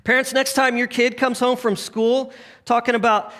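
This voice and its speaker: A man preaching a sermon, swinging from emphatic questions to hushed near-whispers. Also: very high voice, little pitch movement, normal speed. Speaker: pastor.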